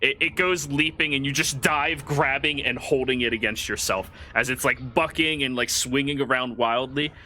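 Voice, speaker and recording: A man's voice: medium pitch, normal speed, hardly any pauses, sharp tone, a little hiss or hum. A man narrating as game master in a casual tabletop game, with loose filler words.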